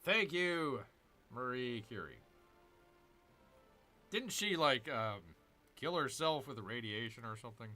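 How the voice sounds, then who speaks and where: Gaming host, man: lively, jokey grumbler, tense bright voice, faint game music behind. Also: medium pitch, slow pace, pauses often. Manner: jokey, grumbling, mock growls. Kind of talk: casual strategy game commentary.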